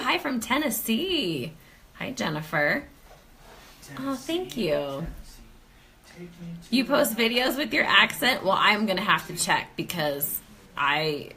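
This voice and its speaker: Chatty woman with a lively, bright voice. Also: on the low side, a little hiss or hum. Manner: chatty, greets viewers by name, laughs often. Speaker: host of a live sales stream. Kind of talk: casual live-stream chat. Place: home, near the kitchen.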